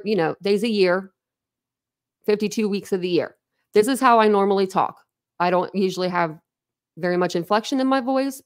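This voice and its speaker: Woman streamer, mid-pitched, loose and candid, rambles to her chat and laughs at herself. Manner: laughs often, self-deprecating. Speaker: livestream host. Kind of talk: casual livestream chat.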